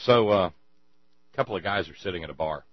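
A man's voice: low-pitched, animated, moderate pace, no room sound, lo-fi sound. Sarcastic male political commentator. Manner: sarcastic, stammering restarts. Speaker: show host.

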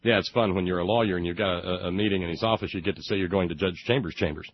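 A man's voice: low voice, very fast, dull audio, a little hiss or hum. A man hosting a casual talk show, sarcastic and rambling with many fillers and restarts. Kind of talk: casual radio monologue.

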